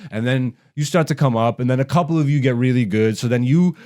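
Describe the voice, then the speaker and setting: A young man talks on a casual comedy podcast. He rambles, swears freely and gets heated. His voice sits at an ordinary middle pitch. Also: fast talker, warm tone. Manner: heated, profane, rambling monologue.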